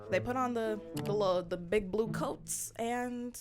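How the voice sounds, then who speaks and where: A woman's voice: fairly high pitch, unhurried. A woman recapping a reality show in casual commentary, playful and blunt, laughing often and dropping slangy asides. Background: background music.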